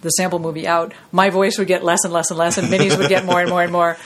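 A middle-aged woman with a slightly low voice tells stories about her work as a voice actress in a relaxed interview. She talks in a lively, anecdotal way and briefly acts out the people she quotes in changing voices. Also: quick pace. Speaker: voice actress guest. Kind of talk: casual storytelling interview.

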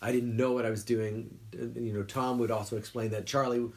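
A middle-aged man, a voice actor, telling career stories in a relaxed interview and slipping into quick character voices. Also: medium pitch. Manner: animated storyteller who slips into quick character voices. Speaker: guest voice actor. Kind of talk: casual interview storytelling.

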